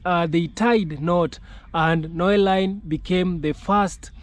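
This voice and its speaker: A man from Kenya hosting his own channel, greeting viewers formally and speaking haltingly with "uh" pauses. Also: high voice, steady tone. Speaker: vlogger host. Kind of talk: channel intro and reaction.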